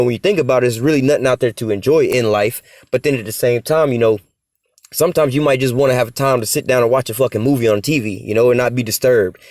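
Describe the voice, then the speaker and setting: A man's voice: medium pitch, darkish tone, no room sound. A man preaching informally on scripture, in blunt, casual street talk, often tagging "man" and "whatever, whatnot.". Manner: blunt, swears in passing. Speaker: preacher of a religious group.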